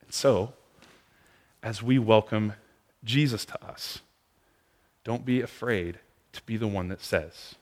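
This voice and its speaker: A man preaching a sermon in a conversational way, moving between hushed, quiet passages and near-shouted ones. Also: on the low side, takes it slowly, pauses often. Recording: long reverb of a large hall.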